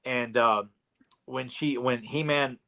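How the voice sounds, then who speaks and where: A man co-hosting a podcast, recapping a cartoon in casual chat, animated and restarting often. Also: mid-range voice, slow pace, gravelly. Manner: animated, acts out quotes with many restarts. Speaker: podcast co-host.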